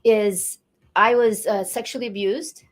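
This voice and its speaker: A woman in her late fifties, a guest on a talk show, telling her life story in an animated, emotional way. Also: mid-range voice, unhurried. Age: 50s. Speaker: guest, energy coach. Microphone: studio or video call mic.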